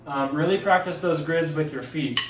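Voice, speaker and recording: A man's voice: fairly high pitch, moderate pace, heavy background noise. A man giving a casual walkthrough of drumline audition exercises, talking loosely with fillers and self-corrections. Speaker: drumline instructor. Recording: echoey room, mic at a distance.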